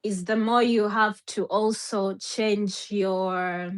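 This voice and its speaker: A woman's voice: mid-range voice, steady tone, slow. A woman guest telling her story casually, hesitant, with German words mixed in. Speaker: interview guest.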